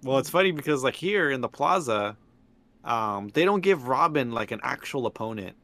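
A man's voice: mid-range voice, animated, moderate pace, bright, forceful tone, dry recording. A man co-hosting a podcast in casual chat, easygoing, laughing often and restarting his sentences. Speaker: podcast co-host.

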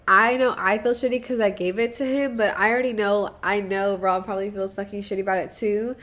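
A woman's voice: mid-range voice, fairly bright tone. A young woman hosting a casual solo podcast, rambling and profane, self-deprecating, with nervous laughs. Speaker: podcast host.

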